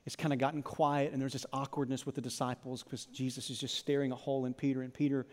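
A man preaching a sermon as pastor, dramatic, swinging from loud, urgent passages to hushed ones. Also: mid-range voice, flat delivery, fast talker, big-room sound.

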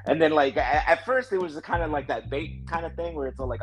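A man's voice: fairly high pitch, a little fast, faint music behind, low-quality recording. A man who is a guest on a podcast, chatting casually in a laid-back way and laughing often. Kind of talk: casual chat.

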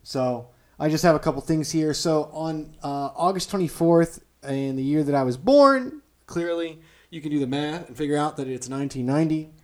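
A man in his late twenties co-hosting a podcast, rambling in a relaxed way and swearing often. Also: on the high side, moderate pace. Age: 20s. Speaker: podcast co-host. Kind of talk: casual chat.

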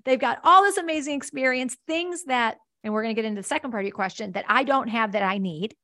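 Middle-aged woman founder, enthusiastic interview guest, slightly high voice, dry close sound. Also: fast talker, bright, forceful tone, dry recording. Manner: enthusiastic, acts out quoted voices, laughs easily. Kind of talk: animated conversational interview answer.

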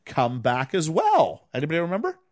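Male podcast host, animated storyteller, expressive pitch, dry close mic. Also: fairly quick, no echo. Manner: animated storyteller, acts out lines and hums tunes. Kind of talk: casual chat recapping a film.

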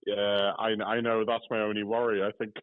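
A man's voice: fairly low pitch, little pitch movement, a little fast, dry recording. A man calling in to a show, chatting casually about theme parks and swearing now and then, heard over a phone line. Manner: chatty, swears casually, says "you know" a lot. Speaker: caller. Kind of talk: casual chat.

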